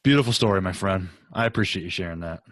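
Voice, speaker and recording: A man's voice: low-pitched, quick pace, fairly bright tone, no room sound, clean studio sound. A male podcast host wrapping up an interview with brief, appreciative remarks.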